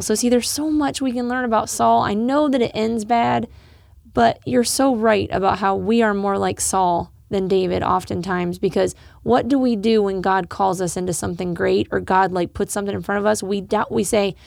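Encouraging woman with a gravelly edge. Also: medium pitch, fairly even intonation, brisk, darkish tone, dry recording, studio quality. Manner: earnest, encouraging, laughs often. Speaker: podcast co-host discussing scripture. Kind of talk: casual Bible study chat.

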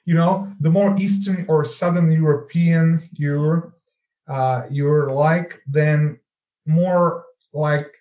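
A man's voice: fairly high pitch, slow pace, highs cut off. A man from Slovakia with a Slovak accent, chatting casually as a podcast co-host, acting out quoted replies and using lots of fillers. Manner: animated, acts out quoted replies, many fillers. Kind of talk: casual chat. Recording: roomy echo.

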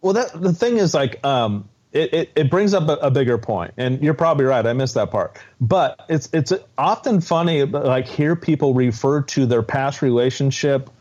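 A man co-hosting a podcast, talking in a halting, restarting way about a reality show episode. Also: medium pitch, animated, a little mellow. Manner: halting, many restarts and fillers. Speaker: podcast co-host. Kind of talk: casual chat. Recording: dull, muffled audio.

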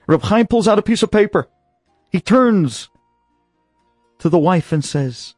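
A man telling a dramatic story in an animated, exclamatory way, sprinkling in Hebrew and Yiddish phrases. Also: sits high, a little slow, pauses often, husky, no echo, clean studio sound, soft background music.

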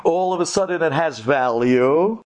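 A man's voice: a little high, expressive, a little slow, darkish tone. A man voicing an earnest young religious scholar who argues his point insistently.

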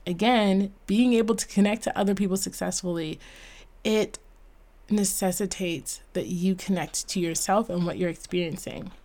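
A woman's voice: mid-range voice, normal speed, a little mellow. Earnest woman hosting a solo talk. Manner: earnest, emphatic, laughs at herself. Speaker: podcast host.

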